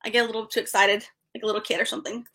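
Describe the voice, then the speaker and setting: A young woman hosting a casual live stream, excited and rambling, stumbling over restarts and fillers as she chats with viewers. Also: medium pitch, racing. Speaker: livestream host.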